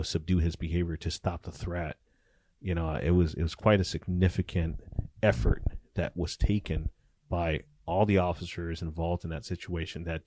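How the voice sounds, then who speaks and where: Middle-aged male ex-cop, very low voice, dry close sound, gritty profane storyteller, acts out the quotes. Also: no echo. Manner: animated, profane storyteller acting out dialogue. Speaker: former police officer. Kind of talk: casual storytelling interview.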